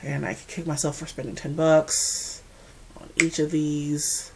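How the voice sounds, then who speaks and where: A woman from the Mid-Atlantic United States with an American accent, chatting casually to camera as a beauty vlogger, animated and full of asides. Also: low voice, measured pace, gravelly, noisy background.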